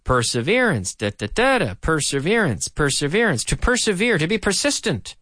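A middle-aged man teaches English with a lively, swooping delivery, sitting a little high in his voice. He drills vocabulary by repeating words in rhythm and keeps the tone playful. The recording is close and dry, with no room sound around him. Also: moderate pace, no room sound. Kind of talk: English lesson for learners.

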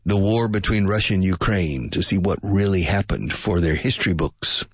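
A man's voice: low-pitched, moderate pace, husky, no room sound, studio quality. A man teaching English in a casual spoken lesson, musing and speculating aloud and drilling pronunciation by repetition.

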